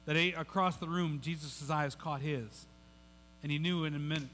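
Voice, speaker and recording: A man's voice: on the high side, fairly even intonation, moderate pace, fairly bright tone, a little hiss or hum. A male pastor preaching a sermon in a conversational way, often repeating words and restarting his sentences. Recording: long hall reverb.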